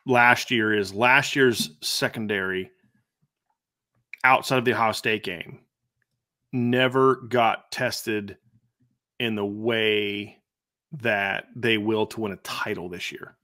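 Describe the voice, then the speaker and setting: A man's voice: on the low side, fairly even intonation, takes it slowly, long pauses, pushed and bright. A middle-aged man hosting a sports podcast, animatedly reeling off statistics with frequent restarts. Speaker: podcast host. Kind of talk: sports analysis chat.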